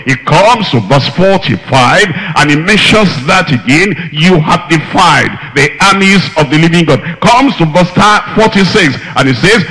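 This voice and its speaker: A man preaching with an emphatic, repetitive delivery, pausing to read scripture aloud. His voice sits a little higher than most men's. It rings out with a long reverb, as in a church hall. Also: bright, forceful tone. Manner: emphatic, repeats key phrases, quotes scripture. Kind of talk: sermon.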